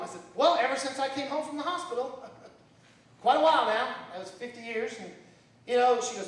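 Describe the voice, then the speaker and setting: Wry man doing stand-up in a bar. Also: fairly quick. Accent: Southern American. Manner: wry storytelling with lively swings in pitch. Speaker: stand-up comic. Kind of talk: open mic stand-up. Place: bar at open mic night. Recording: echoey bar recorded from far off.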